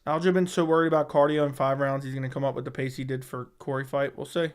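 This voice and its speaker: Smooth-voiced man reading chat on a livestream. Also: medium pitch, little pitch movement, quick pace. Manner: blunt and profane, repeats himself. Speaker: MMA livestream host. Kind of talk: casual live-stream chat reading viewer comments. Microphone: studio dynamic microphone.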